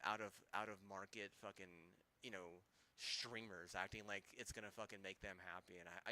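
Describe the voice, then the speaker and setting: A man's voice: lowish voice, pushed and bright, slight background noise. A young man streaming a game, ranting heatedly with constant swearing and rambling restarts. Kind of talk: ranting live-stream commentary.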